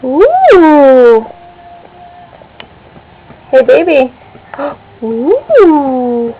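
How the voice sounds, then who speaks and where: A woman's voice: high voice, sing-song, extremely slow, phone-quality sound, soft background music. A mother talking to her baby in a home video, coaxing in sing-song baby talk with gasps. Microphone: home video camera.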